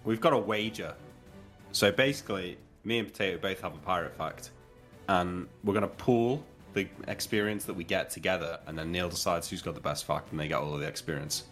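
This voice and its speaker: A man with a fairly low voice holds court at a tabletop game, animated and laughing as he spins a playful lecture. Faint music sits under his casual chat. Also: a little fast. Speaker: player.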